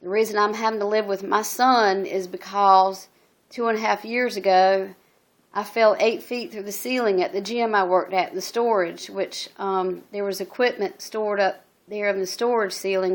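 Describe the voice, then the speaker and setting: A middle-aged woman speaks into her phone in a personal video testimony. Her pitch stays flat and narrow. She talks earnestly and haltingly, stopping often on "um" and restarting her sentences. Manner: halting, many ums and restarts; earnest and emotional. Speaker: single mother telling her story.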